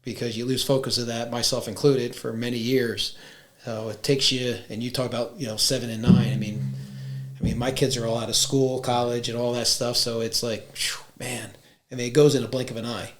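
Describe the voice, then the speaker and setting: A man in his fifties, a podcast guest, talking casually and reflectively with halting restarts. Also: mid-range voice, little pitch movement. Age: 50s. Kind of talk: casual chat.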